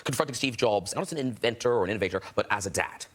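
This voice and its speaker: A man hosting a chat show, joking quickly with his guests in front of a studio audience. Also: fairly low pitch, expressive. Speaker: talk show host. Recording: loud studio audience noise.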